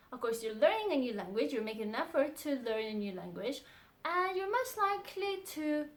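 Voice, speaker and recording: A young adult woman teaching a language lesson, saying model phrases slowly and repeating them. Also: sits high.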